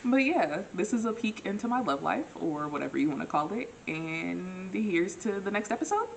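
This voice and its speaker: A young woman vlogger telling a dating story in a relaxed, self-mocking way, jumping up in pitch to act out what people said and laughing at herself. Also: normal speed, gravelly, a little hiss or hum, low-quality recording. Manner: animated, acts out quotes with big pitch jumps. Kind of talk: casual storytelling.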